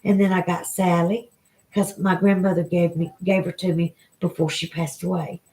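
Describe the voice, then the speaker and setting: A woman's voice: on the low side, flat delivery, moderate pace, warm tone, rough recording. A woman with a Southern US accent chatting with viewers on a live stream, emotional and rambling. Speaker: vlogger. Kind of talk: casual live-stream chat.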